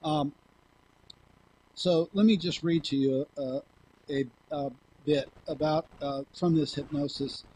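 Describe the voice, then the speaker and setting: A man giving a lecture, speaking in a slow, halting way with frequent pauses as he reads from notes. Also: fairly high pitch, steady tone, darkish tone, husky, low-quality recording. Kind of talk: lecture, reading a hypnosis transcript.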